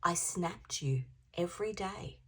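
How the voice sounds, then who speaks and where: A man's voice: high voice, takes it slowly, pushed and bright, breathy edge, full character voice. A woman voicing an earnest young man who insists he wrote every day.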